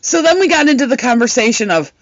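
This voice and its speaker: A woman co-hosting a casual chat, telling stories in an animated way, swearing freely and laughing often. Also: high voice, fast talker, no room sound, muffled recording. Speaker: podcast co-host and live streamer.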